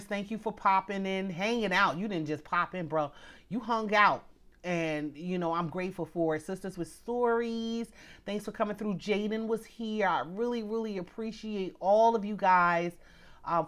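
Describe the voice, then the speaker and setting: A woman's voice: medium pitch, a bit bright. A middle-aged woman hosts a casual livestream from home. She talks straight to her viewers, reads their comments aloud and thanks them by name. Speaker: livestream host.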